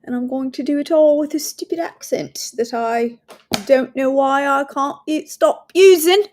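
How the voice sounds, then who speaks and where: A woman's voice: a little mellow, slight background noise. A woman voicing herself in an exaggerated, playful put-on accent, drawing out her words. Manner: drawn-out, high, playful delivery.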